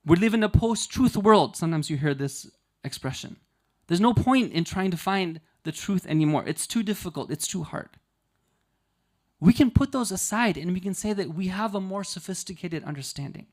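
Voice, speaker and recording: A man's voice: high voice, expressive, moderate pace. A man giving a conversational sermon at a community religious centre. He explains through analogies and stories and keeps checking in with the audience with "right?". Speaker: Muharram night speaker.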